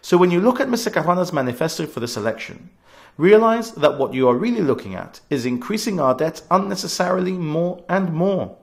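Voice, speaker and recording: Man, around forty, scripted political address, earnest, emphatic, pitch rising and falling a lot. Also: very animated, quick pace, vocal fry. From Gibraltar. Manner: earnest, emphatic, stresses key words.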